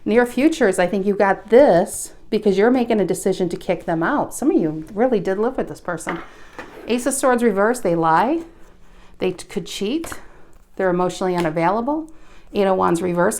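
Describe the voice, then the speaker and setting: A woman's voice: medium pitch, normal speed, a little hiss or hum. A woman giving a casual tarot reading, chatty, with frequent restarts and a slightly breathless delivery. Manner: chatty, restarts often, animated bursts. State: a bit out of breath. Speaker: tarot reader.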